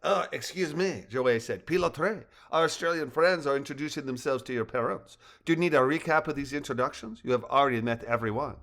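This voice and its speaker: A man's voice: mid-range voice, brisk, few pauses, a bit bright, close to an everyday voice. A man voicing a stiff, polite young male assistant in a storybook reading. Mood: formal. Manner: stiff and formal.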